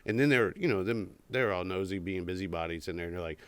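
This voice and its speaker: A man's voice: low-pitched, fast, fairly bright tone, clean tone, no room sound. A man co-hosting a casual podcast, telling a long rambling story and acting out the people in it. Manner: rambling storyteller, acts out quoted voices. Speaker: podcast co-host. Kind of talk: casual chat.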